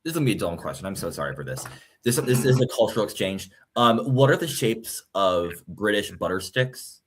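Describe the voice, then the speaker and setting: A man co-hosting a casual chat, joking playfully with lively swings in his voice. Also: on the low side, a little fast. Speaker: podcast co-host. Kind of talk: casual chat about language building.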